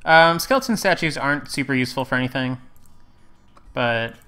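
A man's voice: mid-range voice, animated, a little fast, bright, forceful tone, smooth. A man casually commentating his gameplay, rambling and correcting himself with wry asides. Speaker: let's play host.

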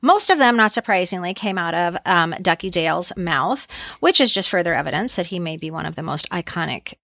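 A woman's voice: on the low side, lively intonation, fairly quick, creaky, fairly bright tone, dry recording. Chatty woman podcast co-host, dry sound. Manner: chatty, acts out movie quotes with many ums. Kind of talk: casual chat.

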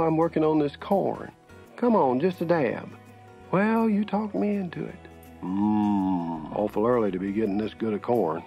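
A man with a Southern accent voicing chattering Southern family relatives, mostly women, passing dishes at supper. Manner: folksy, overlapping table chatter, raised falsetto pitch. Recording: slightly muffled, faint music.

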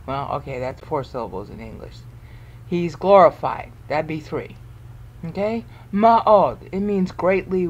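A woman teaching from a book in an unhurried, deliberate way, leaning hard on her points and tossing out rhetorical questions. Her pitch sits in a mid range, and she reads quoted verses slowly aloud before picking them apart. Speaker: Bible teacher. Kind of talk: informal recorded lecture.

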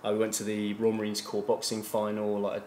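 English guy rambling fast, flat voice, lots of uh and like, echoey room. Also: on the low side. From England. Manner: rambling storyteller, heavy fillers. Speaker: guest. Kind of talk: casual chat. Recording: roomy echo, faint noise.

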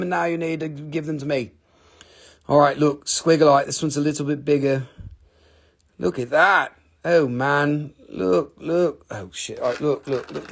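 A man from the Appalachian Valley in the United States sells minerals on a casual live stream, joking, swearing, and rambling as he goes. His voice sits high and has a creaky quality.

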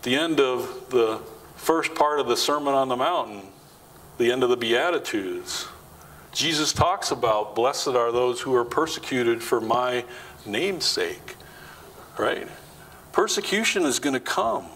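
A man's voice: expressive, unhurried, fairly bright tone, poor audio. A man preaching a sermon in a church, talking conversationally, asking the congregation questions and acting out quoted lines. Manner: acts out quoted lines with rising pitch. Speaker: pastor.

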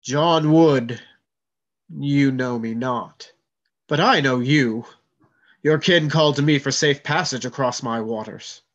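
An ancient sea spirit, voiced by a man, speaks through a boy in a slow, booming, solemn voice. It is a story reading on a dull, lo-fi recording. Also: steady tone, natural voice. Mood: solemn commanding.

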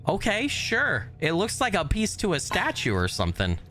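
A man casually commentating his game on a live stream, greeting viewers by name and swearing offhandedly, his voice a little hoarse from recovering. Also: on the high side, wildly swooping pitch, fairly quick, a bit bright, slight background noise. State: voice still recovering, slightly hoarse. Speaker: gaming streamer.

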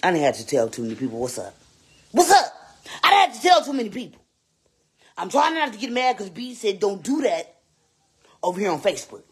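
A performer voicing a sassy, vain woman babysitter in a live-streamed comedy skit, loud and teasing, repeating lines and swooping up into squeals. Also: mid-range voice, sing-song, fast talker, breathy edge, heavily acted.

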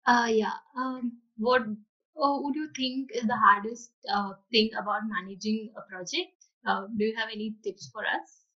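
A woman's voice: a little high, fairly even intonation, normal speed. Polite hesitant woman asking questions. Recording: muffled video-call audio.

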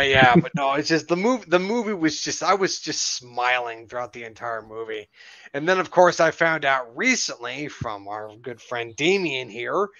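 A man co-hosting a podcast in casual chat, telling stories in an animated way and laughing often. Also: mid-range voice, no room sound, highs cut off. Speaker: podcast co-host.

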